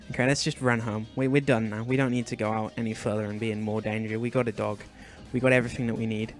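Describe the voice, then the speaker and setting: A young man hosting a gaming video, chatting casually as he plays and fussing anxiously, with sudden high shrieks of alarm. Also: flat delivery, fast, hardly any pauses, faint music behind. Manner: chatty, fretful and doting, often bursting into high shrieks. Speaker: gaming channel host. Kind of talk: Minecraft let's play commentary.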